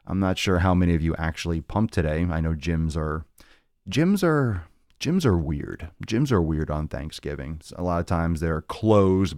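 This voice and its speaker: A man's voice: low-pitched, a little mellow, no room sound, clean studio sound. A man hosting a live fitness podcast, talking in a rambling, joking way with plenty of swearing. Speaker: podcast host. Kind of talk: casual live-stream monologue.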